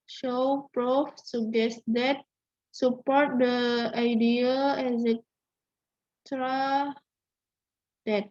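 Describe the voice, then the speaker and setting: Slow young woman reading word lists. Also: fairly high pitch, darkish tone. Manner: slow, list-like reading with small restarts. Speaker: student presenter. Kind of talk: reading a vocabulary list. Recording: dull lo-fi recording.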